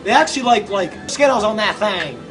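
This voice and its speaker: A man commenting on his own gameplay, excitable and quick to yelp and shout whenever he fails. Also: high voice, music in the background. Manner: excitable, yelps and shouts at failures. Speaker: gamer.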